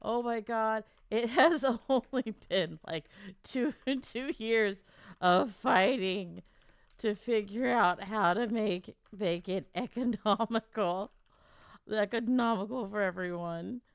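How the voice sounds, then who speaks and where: A woman's voice: medium pitch, slow pace, clean tone, no echo, clean studio sound. A woman livestreaming, chatting emotionally and on the verge of tears, rambling and stammering through restarts. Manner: emotional, tearful, giddy rambling. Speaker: author and streamer. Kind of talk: casual livestream chat.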